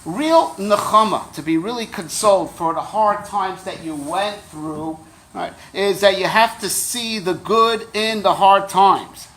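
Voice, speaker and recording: A man's voice: sits high, measured pace, a bit bright. A man teaching a Torah class as a rabbi, conversational and wry, often checking in with his listeners. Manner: conversational, keeps checking in with "right?"; wry, joking asides.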